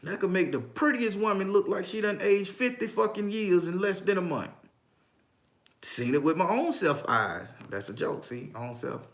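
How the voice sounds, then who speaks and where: A man's voice: sits high, expressive, normal speed, a bit bright. A man hosting a casual livestream as a tarot reader, talking emphatically and profanely, reading viewers' comments aloud and often laughing. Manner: breaks into frequent laughter.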